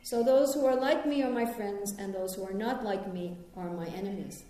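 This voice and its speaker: Middle-aged american woman telling little stories in a spiritual talk, gentle and thoughtful, soft mellow voice, lots of room echo. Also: mid-range voice, moderate pace. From New York, United States. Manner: storytelling, gently reflective, with personal anecdotes. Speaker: spiritual teacher. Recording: very echoey room.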